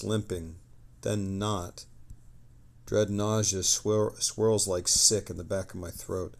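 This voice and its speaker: A male streamer reads lore aloud on a live broadcast, breaking off for excited, chatty asides. His voice sits low with a gravelly fry running through it. The delivery is casual and unscripted between passages. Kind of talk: casual lore reading on a livestream.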